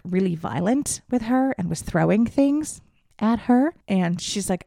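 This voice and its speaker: A young adult woman hosting a podcast speaks in a lowish, dark voice with vocal fry, candidly telling a personal story. She swears freely and acts out what people said to her. The recording is studio quality with no room sound.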